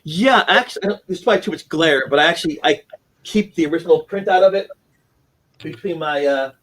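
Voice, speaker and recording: A slightly high, a-bit-bright voice comes from a man in his forties talking briskly as the guest on a casual live-stream interview. As author of a haunting memoir, he tells his story with earnest rambling and many restarts. He's calling by video from an indoor room at home with keepsakes.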